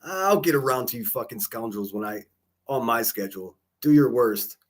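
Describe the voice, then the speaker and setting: A man chats on a livestream at an ordinary mid pitch. He rambles from one thing to the next, swearing freely and dropping jokey asides. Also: lively intonation, moderate pace. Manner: rambling, profane, joking asides. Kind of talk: casual livestream chat.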